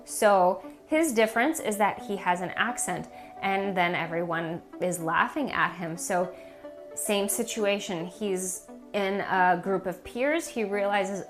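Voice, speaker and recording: A woman's voice: mid-range voice, slow pace, soft background music. A woman giving a casual video lesson on reading a children's book, chatty and full of fillers. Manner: casual, conversational, many fillers like "like" and "um". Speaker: reading teacher.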